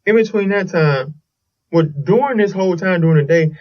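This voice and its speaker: A man's voice: high voice, a little fast, darkish tone, distant mic, highs cut off. A man hosting a casual solo podcast, telling a long story in a rambling way with restarts and swearing. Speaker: podcast host.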